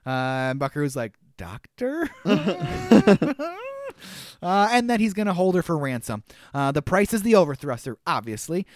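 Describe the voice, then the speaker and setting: A man's voice: a little high, big pitch swings, quick pace, no echo. A man co-hosting a casual podcast, recapping a movie with wry asides and frequent laughter. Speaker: podcast co-host.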